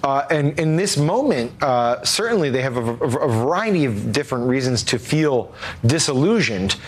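A man appearing as a political guest, speaking in a measured, analytical way with many fillers. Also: medium pitch, very animated, slight background noise. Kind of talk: casual political talk.

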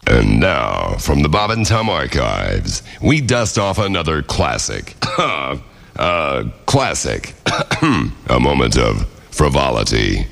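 A gravelly creaky old announcer. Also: male voice, a bass voice, big pitch swings, fairly bright tone, exaggerated voice. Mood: mock-grand. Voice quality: gravelly, coughing, slow.

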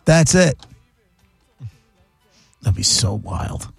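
A man's voice: on the low side, sing-song, very slow, vocal fry, breathy edge, dry recording, faint music behind. A man, a radio host chatting casually and enthusiastically telling stories.

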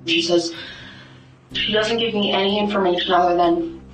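A woman's voice: medium pitch, fairly even intonation, normal speed, echoey room, soft background music, poor audio. A woman in a recorded interview, candidly retelling events with quoted speech.

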